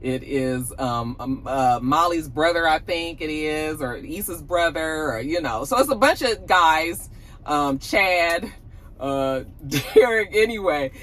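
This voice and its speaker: Bright-voiced woman recapping TV. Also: sits low, animated, takes it slowly, poor audio. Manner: chatty, slangy, laughs often. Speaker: TV episode reviewer. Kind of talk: casual TV recap.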